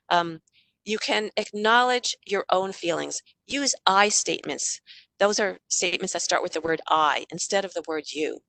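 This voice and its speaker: A middle-aged woman, a parenting author and workshop speaker, gives a parenting talk over a video call in a fairly low voice, recorded dry. She's warm, chatty and conversational, often acting out the lines of parents and kids.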